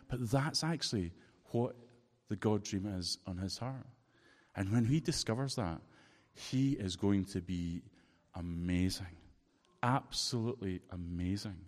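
A Scottish-accented man delivers a sermon built around a personal anecdote. His voice sits somewhat low and he tells the story expressively. The sound carries the long reverb of a big hall. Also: darkish tone. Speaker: preacher.

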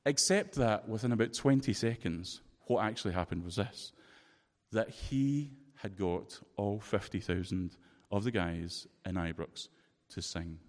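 A Scottish-accented man delivers a sermon built around a personal anecdote. His voice sits somewhat low and he tells the story expressively. The sound carries the long reverb of a big hall. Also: animated, measured pace, a little mellow. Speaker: preacher.

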